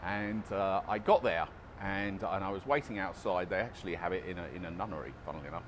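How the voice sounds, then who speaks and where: Outdoors, a man with a deep voice vlogs casually about recovery, speaking quickly against background noise. His monologue is chatty and self-deprecating, and he often restarts his sentences.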